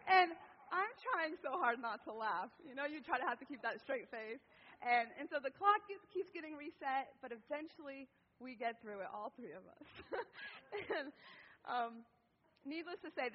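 A woman's voice: fairly high pitch, normal speed. Woman preaching in a reverberant hall. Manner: animated storytelling, with lively quoted voices and laughter. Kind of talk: sermon with a personal story. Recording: dull recording with long hall reverb.

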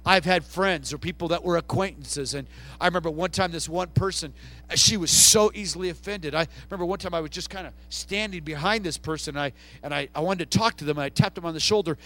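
Male pastor, middle-aged, high-pitched, fervent sermon delivery, dry recording. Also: fast, dry recording. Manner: impassioned preaching, swings from soft to loud.

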